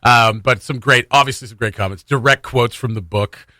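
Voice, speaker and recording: A man's voice: medium pitch, normal speed, pushed and bright, dry recording, clean studio sound. A man hosting a morning radio show, chatting casually, laughing often and restarting his sentences. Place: radio studio.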